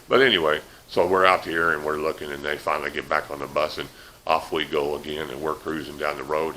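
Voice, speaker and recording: A man's voice: a bass voice, creaky, bright, forceful tone, a little hiss or hum, poor audio. A man telling a humorous, rambling story in a folksy way, with dry asides.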